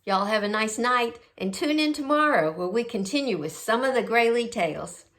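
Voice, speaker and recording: A middle-aged woman hosting a casual storytelling vlog from home, animated and quick to act out quotes. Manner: animated, quotes people in a jumpy high voice. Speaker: host.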